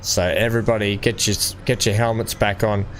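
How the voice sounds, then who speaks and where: A man's voice: on the low side, steady tone, a little fast, a little hiss or hum. Chatty man hosting a game stream. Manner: chatty, laughs often while reading chat. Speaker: gaming livestream host. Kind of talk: casual chat with live viewers.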